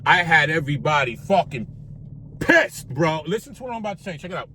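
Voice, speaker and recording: Man, street-slang storyteller, swears a lot, animated retelling, a little higher pitched, light road hum. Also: fairly quick. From Puerto Rico. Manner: animated, profane street slang, acts out quotes. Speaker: vlogger telling stories. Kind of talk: casual storytelling.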